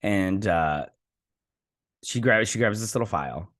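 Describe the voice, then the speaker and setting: An expressive man with a fairly low, fairly bright voice hosts a TV review at a measured pace. He recaps the episode casually and rambles, filling it with fillers and "he's like" quotes.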